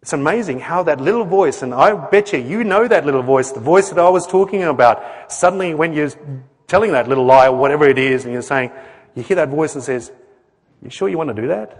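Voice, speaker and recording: A man's voice: a little high, brisk. Earnest man preaching in a reverberant hall. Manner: earnest, conversational, with acted-out quotes and questions to the crowd. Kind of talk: sermon.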